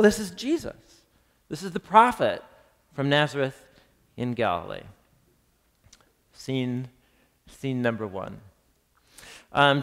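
A Bible teacher leads a live class on a gospel text, talking conversationally, quizzing his listeners, and reading scripture aloud dramatically. His voice is mid-range and fairly bright, and a large hall gives it a long reverb.

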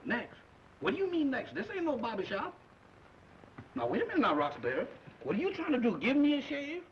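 A jumpy, high-voiced roommate. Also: male voice, brisk, a crowd in the background, full character voice. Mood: panicked. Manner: excitable, shrill when frightened. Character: excitable young male roommate, easily scared. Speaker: comic film character. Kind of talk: 1940s film comedy acting. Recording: dull old film soundtrack with hiss.

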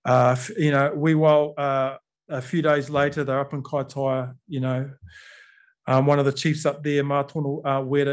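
A man's voice: mid-range voice, flat delivery, moderate pace. A middle-aged man with a New Zealand accent giving a conversational storytelling talk to an audience, acting out quotes and using many fillers.

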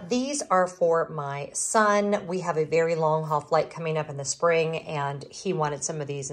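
A middle-aged woman with a light Southern US drawl talks through her shopping finds in a relaxed vlog. Her voice sits somewhat low, and she rambles, restarting sentences and wandering off on asides. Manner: rambling, self-interrupting. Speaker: vlogger. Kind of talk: casual vlog chat.

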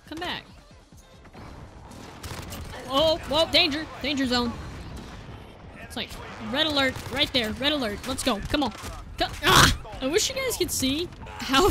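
A woman giving excitable live commentary while playing a shooter game, often apologizing and joking about herself, with game music and gunfire behind her. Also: high voice. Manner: excitable, exclaiming and apologizing a lot; self-deprecating joking. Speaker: gaming video creator. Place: at home, seated at a gaming desk.

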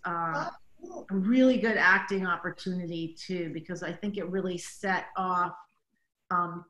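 A woman's voice: medium pitch, fairly bright tone. A woman director chatting in an interview, telling behind-the-scenes stories with many casual fillers and acted-out quotes. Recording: roomy echo.

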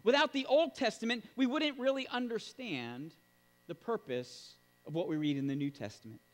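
A man preaching a sermon as pastor, emphatic and animated, with sudden loud exclamations. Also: high-pitched, moderate pace, big-room sound, soft background music.

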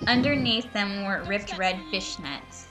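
A woman with a medium-pitched voice reads a fanfiction aloud a little slowly, with music in the background. She keeps breaking off into sarcastic, profane, exasperated commentary.

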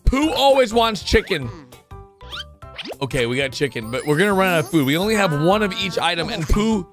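A man hosting a reaction video, excitably narrating what he sees and laughing often. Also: high voice, brisk, soft background music. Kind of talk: casual reaction commentary.

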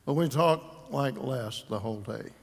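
Man, folksy eulogy, slow unhurried talk, long church reverb. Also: medium pitch. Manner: folksy storytelling with chuckles and throat-clearing. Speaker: memorial service speaker. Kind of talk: informal eulogy. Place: large church sanctuary.

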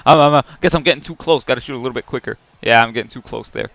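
A man commentating his own hockey video game, muttering play-by-play and then yelling at big plays. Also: medium pitch, fast talker, creaky, few pauses, dry recording, soft background music. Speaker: gaming YouTuber. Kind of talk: excited play-by-play gameplay commentary.

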